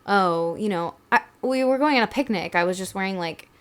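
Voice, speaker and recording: A woman's voice: mid-range voice, a little fast. A young woman co-hosting a podcast, talking casually with many fillers. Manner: chatty, many "like" fillers, tearful at times. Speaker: podcast co-host. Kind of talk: casual chat.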